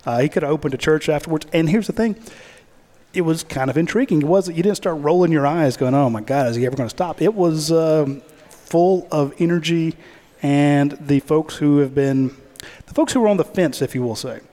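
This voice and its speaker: A man hosting a sports talk show, chatty and animated. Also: a little high, normal speed, long reverb tail.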